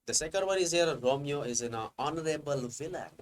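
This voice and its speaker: A man teaching English grammar from slides, explaining step by step, asking himself "what happened here" and reading examples out slowly. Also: fairly high pitch, expressive, a little hiss or hum, poor audio. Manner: reads examples slowly, stressing key words. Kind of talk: slide-based grammar lecture.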